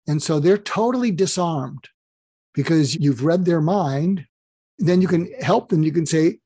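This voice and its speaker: A man with a slightly higher voice speaks as a podcast guest, teaching through anecdotes and playing out both sides of conversations. The sound is dry and close, with no room around it. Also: unhurried, breathy edge, dry recording. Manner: animated storyteller who acts out dialogue. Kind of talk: conversational interview, explaining with stories.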